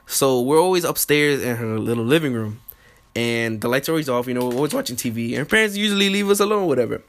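A man's voice: medium pitch, expressive, fast talker. A young man telling a story in casual chat, acting out quotes and laughing often.

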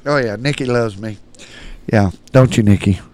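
A man's voice: fairly low pitch, normal speed. A man, a podcast guest telling rowdy stories with lots of laughter. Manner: rowdy, laughing, acts out shouted quotes. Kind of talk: storytelling in casual chat.

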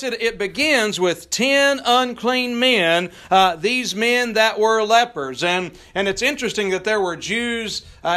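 Guy preaching, pretty high voice, bright and a bit sharp, lots of uh's and folksy asides. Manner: preaching with scripture reading in King James wording, drawn out for emphasis; folksy asides with frequent "uh" fillers. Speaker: pastor. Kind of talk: sermon.

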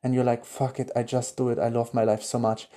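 A German man hosts a solo motivational podcast in a warm, mellow voice of ordinary pitch. He talks with casual enthusiasm and swears freely. He often sinks into a hushed tone while leading a visualization. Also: little pitch movement, brisk. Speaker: podcast host. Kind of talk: motivational monologue with guided visualization.

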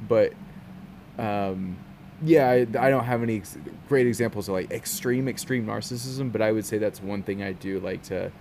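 A man's voice: lowish voice, normal speed, slight background noise. A man in casual chat, telling stories with many fillers and easy laughs. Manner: relaxed storyteller, many fillers, laughs easily.

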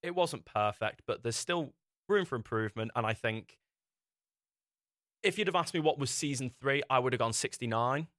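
A man's voice: medium pitch, animated, normal speed, fairly bright tone, no echo, studio quality. Rambling young man hosting. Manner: rambling, restarts sentences often. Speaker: podcast host. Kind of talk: casual chat.

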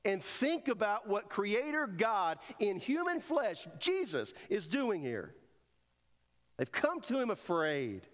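Passionate preacher man with a slightly high voice. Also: wildly swooping pitch, slow. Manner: dynamic preaching, rising to loud emphatic peaks and dropping to hushed quoted lines; leads the congregation in call and response. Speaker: pastor. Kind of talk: sermon.

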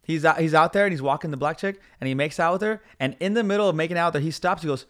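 A young man hosting a podcast in casual chat, excitable, swearing a lot and acting out movie lines. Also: on the high side, very fast. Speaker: podcast host.

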